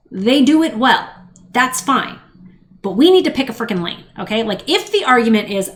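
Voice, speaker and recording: A woman's voice: a little high, a bit bright. A woman chatting casually as a podcast co-host, wry and rambling, with frequent asides. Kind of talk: casual chat.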